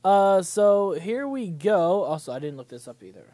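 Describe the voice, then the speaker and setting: A man's voice: high-pitched, big pitch swings, moderate pace, dark tone, no echo. A young man hosting a casual livestream, chatting loosely about gaming news with many fillers and restarts. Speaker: livestream host.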